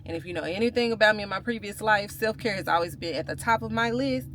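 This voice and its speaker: A woman's voice: medium pitch, quick pace, a bit bright, slight background noise. A woman, chatting casually to her viewers in a vlog, playful and full of slang. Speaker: vlogger. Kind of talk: casual vlog chat to camera.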